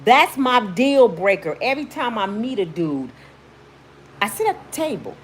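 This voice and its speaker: A woman's voice: a little high, normal speed, slight background noise. A woman vlogger telling a story in casual, emphatic commentary, slangy and blunt, acting out what people said. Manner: emphatic, animated, slangy, acts out quotes in shrieks.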